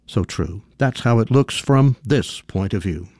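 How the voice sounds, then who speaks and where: A man's voice: on the low side, animated, unhurried, darkish tone, no echo, studio quality. A man giving a folksy radio commentary, telling a parable and acting out its voices. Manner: folksy storyteller, acts out quotes.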